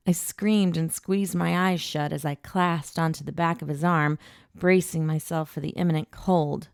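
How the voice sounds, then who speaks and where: A woman narrating a first-person audiobook in an even, intimate storytelling voice, recorded close in a booth. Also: low voice, moderate pace, creaky, clear, resonant tone, dry recording.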